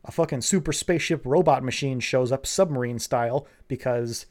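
A man's voice: mid-range voice, a little fast, a little mellow. A man giving a rambling, sarcastic and profane comedic recap of a cartoon plot. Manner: sarcastic, rambling, swears a lot. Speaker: show recapper.

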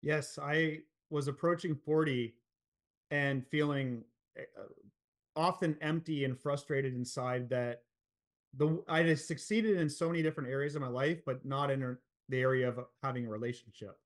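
A man's voice: medium pitch, normal speed. A man in his forties, a podcast guest, telling his story in a frank, earnest way, swearing freely and using many fillers. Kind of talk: candid storytelling in a podcast interview.

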